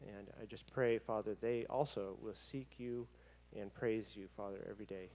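A man leading a spoken prayer in an earnest, halting way. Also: on the low side, steady tone, mellow, slight background noise.

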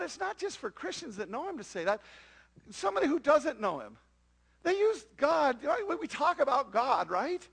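A man's voice: very high-pitched, big pitch swings, moderate pace, creaky, fairly bright tone. A man preaching a sermon to a congregation, often asking them rhetorical questions. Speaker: pastor.

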